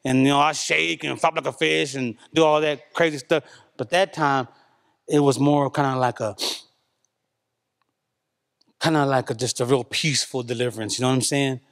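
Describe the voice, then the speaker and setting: A church member giving testimony at a service describes a personal spiritual experience to the congregation with real emotion. His mid-range voice is steady, creaky and a bit bright, moving at normal speed with long pauses. He talks earnestly and casually, repeats himself, and keeps throwing in "man."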